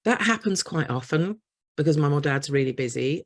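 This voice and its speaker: A woman's voice: deep voice, expressive, normal speed. A woman, a therapist giving a storytelling workshop talk and acting out little scenes as she goes. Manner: warm storyteller acting out voices of parents and children.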